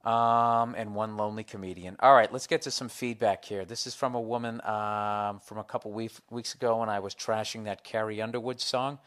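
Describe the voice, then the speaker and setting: A man's voice: on the low side, fairly even intonation, a little fast, hardly any pauses, a bit bright. A man, a comedian hosting his own podcast, telling stories in a casual, rambling, profane comic monologue with a sardonic edge.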